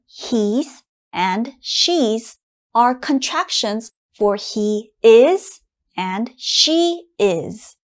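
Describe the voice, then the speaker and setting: A young woman teaching beginner English grammar, reading example sentences slowly and clearly with exaggerated intonation. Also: a little high.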